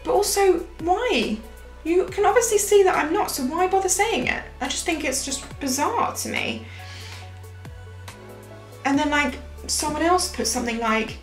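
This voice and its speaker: A woman's voice: sits high, animated, normal speed. A young woman chatting through a makeup tutorial, rambling and losing her train of thought. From Britain. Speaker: beauty vlogger. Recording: echoey room with faint music.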